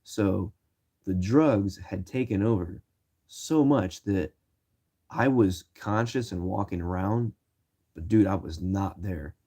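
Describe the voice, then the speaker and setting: Young male vlogger, early twenties, rambling slangy storyteller, lowish warm voice. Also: slow, slightly rough. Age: 20s. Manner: slangy, rambling, many fillers and restarts. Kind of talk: casual storytelling to camera.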